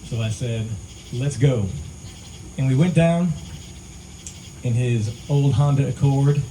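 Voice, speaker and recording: A man with a mellow, warm voice of ordinary pitch spins a laid-back story between songs at an outdoor concert. He talks casually into a stage mic, and crickets chirp faintly in the night air behind him. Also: takes it slowly, a little hiss or hum, rough recording. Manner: relaxed, conversational, laughs at own story. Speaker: singer-songwriter performing live. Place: live music venue, outdoors among pines.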